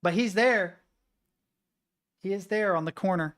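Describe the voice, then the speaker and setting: A woman streamer chatting casually to her viewers, swearing and excitable, muttering between outbursts. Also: medium pitch, a little slow, long pauses. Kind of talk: casual live-stream chat.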